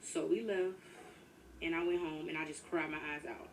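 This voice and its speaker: A woman's voice: sits low, steady tone, moderate pace. A woman telling a personal story in casual storytime narration, chatty and talking straight to her listeners. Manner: chatty, addresses listeners as y'all. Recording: distant mic with faint noise.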